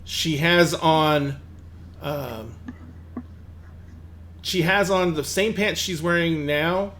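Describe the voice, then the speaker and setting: A man's voice: a little high, extremely slow, a bit bright, a little hiss or hum. A man narrating a tabletop game as game master, rambling with fillers and restarts.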